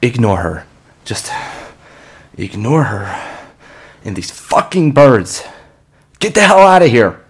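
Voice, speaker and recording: A man voicing an injured, frantic man haunted by his dead ex, who swears and shouts in a raw, unhinged, pained way. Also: on the low side, animated, slow pace, vocal fry, pauses often, breathy edge, voice pushed up, full character voice. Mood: shouting. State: coughing and in pain.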